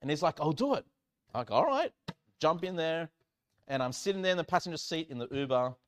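A male pastor tells a story from the pulpit in a high, bright-toned voice. His delivery is animated, jumping from loud cries to quiet, sinking lines. He sounds like a preacher in full storytelling flow. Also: a little fast, a little hiss or hum. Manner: animated storytelling, swinging from loud exclamations to hushed low lines. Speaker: church pastor. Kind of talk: sermon storytelling.

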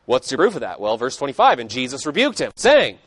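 Pitch swooping wildly around a mid-range voice, this fast-talking preacher is captured in a dry recording. His sermon alternates emphatic scripture readings with casual asides, its intensity surging and easing.

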